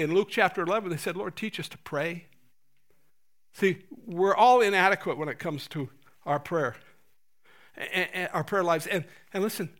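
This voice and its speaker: A man delivers a sermon with a high, bright voice. He is animated and jokes with the congregation, putting on playful voices to act out prayers. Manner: animated, laughing, acting out prayers in funny voices. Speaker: pastor.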